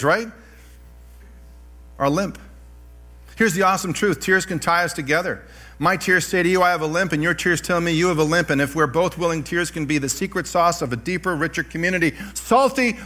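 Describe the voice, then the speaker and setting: Middle-aged male preacher, animated storyteller, bright forward tone, light music bed. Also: fairly high pitch. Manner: animated storytelling with self-deprecating laughs. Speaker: pastor. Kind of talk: sermon.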